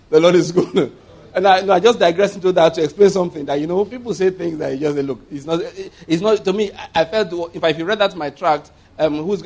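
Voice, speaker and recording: High-voiced pastor, chuckling asides. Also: male voice, a little mellow. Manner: chuckles often, rambling asides. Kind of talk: conversational sermon.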